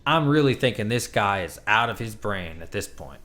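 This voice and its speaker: Dude hyped up recapping a comic, kinda low voice, rambly chill vlog talk. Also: male voice, lively intonation, moderate pace, fairly bright tone. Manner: enthusiastic, chatty plot retelling. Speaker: comic book reviewer. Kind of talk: casual comic review vlog.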